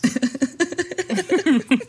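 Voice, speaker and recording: A woman's voice: high-pitched, lively intonation, drawn-out words, a little mellow. A middle-aged woman pastor chatting casually as a podcast guest, playful and laughing often.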